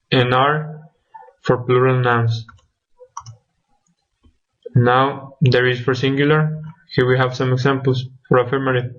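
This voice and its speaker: Flat, slow-speaking young man reading grammar. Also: mid-range voice. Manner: deliberate, listing examples one by one. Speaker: student presenter. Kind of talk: reading a grammar lesson from slides. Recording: dull lo-fi recording.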